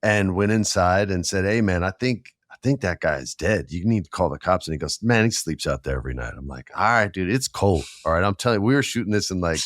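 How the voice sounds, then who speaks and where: A man with a fairly low voice hosts a casual podcast, spinning stories and jumping into the voices of the people in them. The sound is dry and close to the mic. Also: dry recording. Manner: animated storyteller, acts out quoted voices. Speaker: podcast host. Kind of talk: casual storytelling chat.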